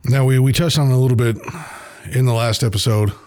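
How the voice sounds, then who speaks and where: A man's voice: medium pitch, fairly even intonation, fast, darkish tone, no echo, clean studio sound. A man hosting his own podcast, talking alone in a blunt, profane but earnest and reflective way. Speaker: podcast host. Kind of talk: casual solo monologue.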